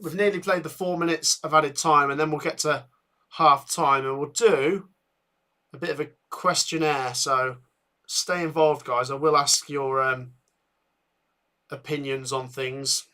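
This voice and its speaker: A man hosting a live football watchalong, chatting with viewers and getting excited at chances, a bit tired. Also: on the high side, unhurried. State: tired, yawning. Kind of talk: live match commentary and chat.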